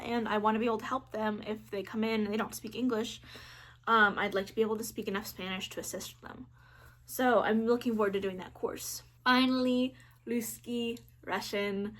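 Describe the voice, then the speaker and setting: A woman talks straight to camera in a relaxed, unscripted vlog, her voice sitting at an ordinary middle pitch. She rambles cheerfully, sprinkling "um" and "like" through her sentences, and pokes fun at herself as she goes. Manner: chatty, frequent "um" and "like" fillers, playful self-mocking asides. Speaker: language-learning vlogger. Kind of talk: casual chat to camera.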